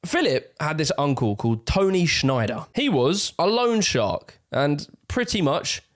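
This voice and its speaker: A man hosting a commentary video essay in a sarcastic, animated way, swearing now and then. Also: a little high, a little slow. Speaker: YouTube host and narrator.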